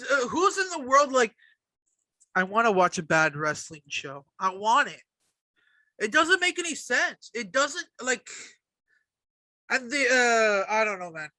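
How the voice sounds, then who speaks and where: Man, podcast co-host, high and very bright voice, profane heated rant, dry close sound. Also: dry recording. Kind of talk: casual wrestling chat.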